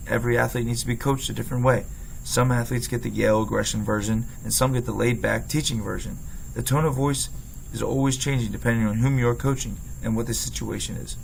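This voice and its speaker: Young coach with a Philly accent, slight gravel, reads his own essay with faint hiss behind. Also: medium pitch, steady tone, fast, hardly any pauses, poor audio. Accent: Philadelphia. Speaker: former player and football coach. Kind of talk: read-aloud personal essay narration.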